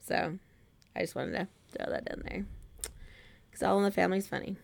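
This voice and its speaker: A woman's voice: fairly low pitch, normal speed, gravelly, no echo. A woman co-hosting a podcast, chatty and giggly, filling her talk with "like". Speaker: podcast co-host. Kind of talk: casual chat.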